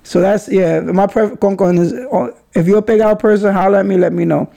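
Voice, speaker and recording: A man's voice: high-pitched, a little fast, creaky, dark tone. A young man from the Bronx hosts a casual solo podcast, chatty and playful, often correcting himself mid-sentence. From Bronx, New York. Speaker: podcast host.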